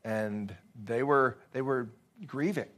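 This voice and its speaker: A man's voice: mid-range voice, takes it slowly, fairly bright tone. Conversational male pastor giving a sermon. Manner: conversational, with frequent fillers and restarts.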